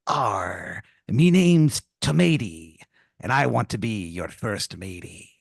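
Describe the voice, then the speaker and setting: A scheming pirate tomato growls in slow, drawn-out pirate talk, as a man puts him on. The voice sits low and gravelly. It is recorded close and dry. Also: lively intonation, dry recording, heavily acted.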